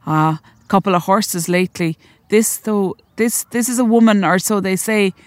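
A woman voicing a quiet, taciturn Irish farmer and wood carver who speaks in dry, short replies with an Irish accent. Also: mid-range voice, fairly even intonation, moderate pace, dry recording, natural voice. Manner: terse, dry, few words.

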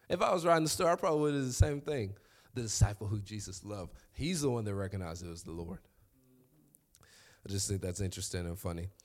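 A man preaching a lively sermon. His voice climbs high and loud when he gets fired up, then drops to quiet asides. His pitch sits in the middle range for a man. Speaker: pastor.

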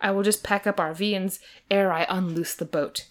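A woman's voice: mid-range voice, steady tone, moderate pace, natural voice. A woman voicing a devoted young Victorian suitor in a comic dramatic reading, earnest and old-fashioned. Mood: tender.

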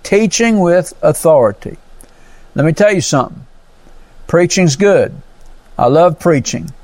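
A man's voice: fairly high pitch, expressive, a little slow, darkish tone, dry recording. A male pastor preaching a sermon, teaching verse by verse with frequent amens and praises. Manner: teaching Bible verse by verse, explaining Greek words.

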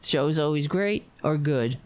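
A woman's voice: sits low, lively intonation, moderate pace. A tired woman hosting a casual livestream, chatting in a playful, rambling way. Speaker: livestream host.

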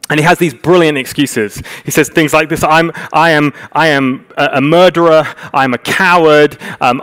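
A man preaching a sermon, telling the story vividly and acting out the characters' lines. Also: a little high.

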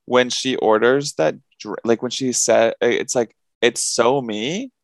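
A man's voice: mid-range voice, slow pace, no room sound. A young man co-hosting a podcast, rambling casually with plenty of swearing and laughter. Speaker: podcast co-host. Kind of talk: casual chat.

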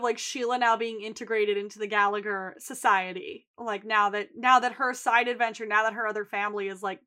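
A woman co-hosting a podcast, casually and animatedly retelling scenes and acting out the characters' lines. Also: a little high. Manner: animated retelling, acts out quotes. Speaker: podcast co-host. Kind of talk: casual recap chat.

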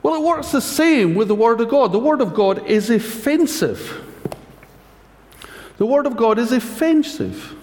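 A man's voice: extremely high pitch, a little mellow. A man preaching a conversational sermon, wry and anecdotal with self-mocking humour. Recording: echoey hall reverb.

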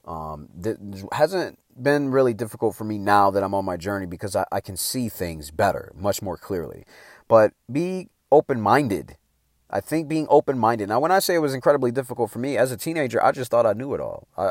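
A man's voice: fairly low pitch, no room sound, studio quality. A middle-aged man giving a motivational talk in a casual, slangy, emphatic way, swearing freely. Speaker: motivational speaker.

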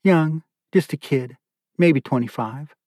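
A man's voice: a little high, takes it slowly, dry recording, studio quality, pitched above the performer's own voice. A man voicing a worried, blunt woman looking after her ailing husband, speaking up sharply. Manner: sharp, pleading, raised voice.

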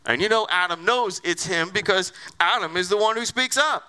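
A male pastor preaching a sermon in an animated, conversational way, full of rhetorical questions. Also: sits high, moderate pace, smooth.

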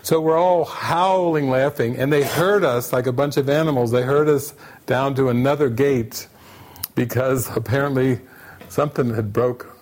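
A man shares a comic travel story with a spiritual retreat audience. His voice sits at an ordinary middle pitch, and he tells it with lively repetition, often laughing. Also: normal speed. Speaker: retreat speaker. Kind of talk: storytelling anecdote at an online retreat.

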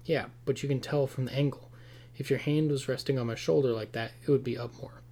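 A man reading the lines of a calm, soothing husband who brushes off his wife's fears. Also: mid-range voice, brisk, natural voice. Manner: soothing, matter-of-fact. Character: reassuring husband, calm, a bit dismissive.

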